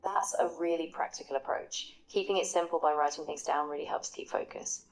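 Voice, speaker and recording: Encouraging low-pitched AI woman's voice. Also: fairly even intonation, fairly quick, low-quality recording. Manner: upbeat, encouraging, polished. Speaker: AI voice assistant. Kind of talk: conversational practice partner.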